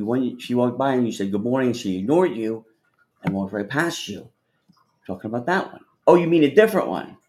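A rambling man hosts a livestream, swearing freely and laughing as he reads viewer comments. His voice sits low, with a gravelly fry and a mellow, dark tone. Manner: rambling, profane, laughs often. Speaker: livestream host. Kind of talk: casual livestream chat with viewers.

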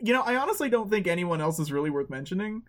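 A woman's voice: fairly low pitch, lively intonation, rapid-fire. A woman co-hosting a casual movie commentary podcast, making sarcastic wisecracks. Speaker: podcast co-host.

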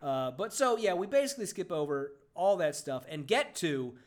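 A man co-hosting a podcast in casual chat, sarcastic and excitable, breaking into loud laughter. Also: fairly high pitch, normal speed, crowd noise. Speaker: podcast co-host.

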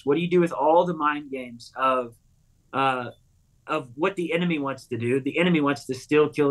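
Speaking in a slightly high voice, a thirty-something pastor and writer recounts something from his own life in an interview, bringing quoted lines to life with earnest energy.

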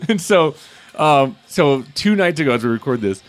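Animated, profane male film reviewer. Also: on the high side, normal speed. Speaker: podcast host and film reviewer. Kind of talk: casual chat.

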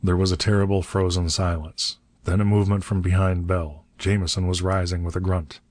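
A man reading an adventure story aloud as an audiobook narrator, steady and measured. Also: low voice, no echo, clean studio sound.

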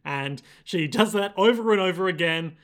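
A young man with a slightly high voice recaps an anime episode on a casual podcast. He tells the story in a laid-back way and laughs often. His tone stays easygoing throughout. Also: animated, normal speed, a bit bright. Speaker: podcast co-host.

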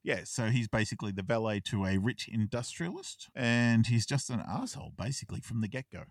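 A man's voice: fairly low pitch, lively intonation, dry recording, clean studio sound, far from the mic. A man chatting casually as a podcast co-host, rambling through an episode recap, swearing and acting out bits of the scenes. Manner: rambling, swears freely, acts out scenes in quick quoted voices.

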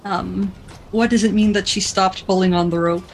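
A woman playing a tabletop role-playing game, talking in a brisk and direct way. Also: mid-range voice, steady tone, a little hiss or hum, low-quality recording. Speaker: player.

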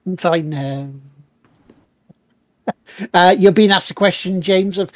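Podcast co-host, teasing, laughs a lot, casual banter, mid pitch, dry close mic. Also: takes it slowly, no echo. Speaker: co-host of a live-streamed podcast.

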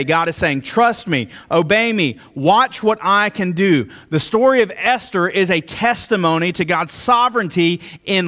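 A male pastor preaching a conversational sermon, retelling scripture with lively asides. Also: high voice.

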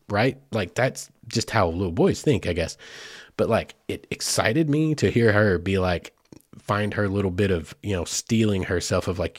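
A man's voice: lowish voice, normal speed, no room sound, clean studio sound. A man, a father, telling a family story in a casual, rambling way with lots of fillers. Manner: rambling, chatty, with many fillers like "like" and "you know".

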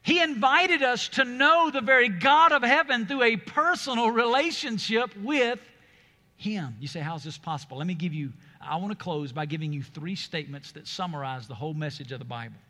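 A man preaches a sermon in a big church hall, and his voice carries with a long reverb. His voice sits high and sounds bright and forceful. He drives home key words with emphatic stresses. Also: brisk. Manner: preaching with emphatic, rising delivery. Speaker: pastor.

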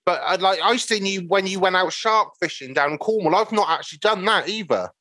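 A man with a high, bright voice hosts a fishing podcast. His sound is dry and close, and he chats in an easygoing, self-deprecating way. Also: brisk, no room sound, poor audio. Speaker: podcast host. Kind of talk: casual chat.

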